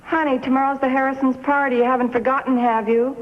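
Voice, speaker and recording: An actress playing a worried wife who pleads and coaxes, in 1950s TV drama style, on a dull old TV soundtrack. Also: female voice, high voice, level tone, fast talker, close to an everyday voice. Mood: coaxing. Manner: pleading, coaxing. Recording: dull lo-fi TV soundtrack with reverb and faint hiss.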